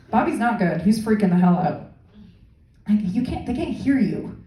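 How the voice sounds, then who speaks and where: A young woman from Canada doing a live stand-up set, sarcastic and quick to act out loud fans in shrill put-on voices. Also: expressive. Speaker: stand-up comedian. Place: comedy stage before a live audience. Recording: echoey room, far from the mic.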